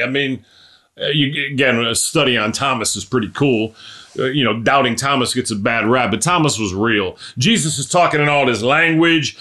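A male preacher delivering a sermon teaching in an earnest, conversational way. He talks at a mid-range pitch and breaks off into quick asides and short prayers as he goes. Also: pushed and bright.

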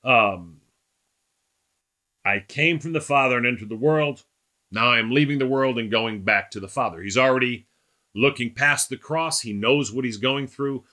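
A man leads a verse-by-verse Bible teaching. He sounds emphatic and keeps checking in with his listeners. His voice is bright and forward at an ordinary pitch. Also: normal speed. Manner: rhetorical questions to listeners.

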